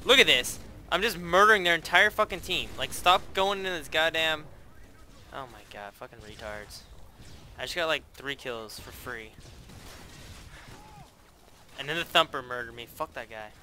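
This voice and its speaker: A man giving profane, excitable live commentary while playing a shooter game. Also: fairly high pitch, normal speed, a little hiss or hum. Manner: profane, excitable trash talk. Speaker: gameplay commentator.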